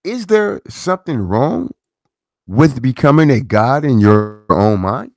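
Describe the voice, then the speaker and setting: A middle-aged man, very animated yet taking his time, speaks in a mid-range voice on his commentary channel. His casual monologue is preachy, driven by rhetorical questions and repetition, and the recording is dry.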